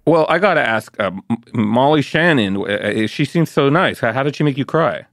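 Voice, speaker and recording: A man's voice: medium pitch, lively intonation, moderate pace, a bit bright, dry recording, clean studio sound. A man hosting a casual interview podcast, asking friendly, admiring questions. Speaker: podcast host.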